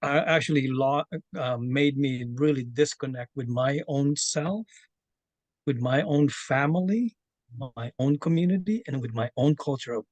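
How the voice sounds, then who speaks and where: A man from the Philippines with a Filipino accent, sharing a personal story in an online session, earnest and halting with many fillers and restarts. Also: medium pitch, darkish tone, no echo. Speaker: community member sharing his story. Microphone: video call.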